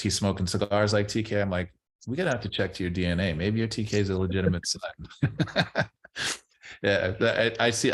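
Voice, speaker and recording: A middle-aged man, a former ballplayer, chatting loosely as a podcast guest, rambling and repeating words as he restarts his sentences. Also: sits low. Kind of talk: casual interview chat.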